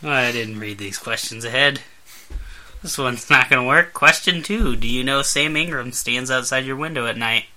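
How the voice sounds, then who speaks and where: Joking man hosting, bright voice. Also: mid-range voice, normal speed. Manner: playful, cracks corny jokes. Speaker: podcast host. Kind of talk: joking casual chat.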